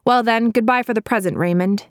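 A woman's voice: a little high, a little fast, no echo, clean studio sound, voice pushed up, close to an everyday voice. Woman reading a courteous, formal banker. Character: polite, dignified male banker.

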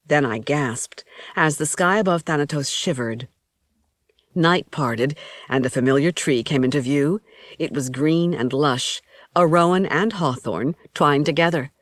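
A woman narrating an audiobook in the first person with an even storytelling delivery, on a close mic. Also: deep voice, a little slow, no room sound.

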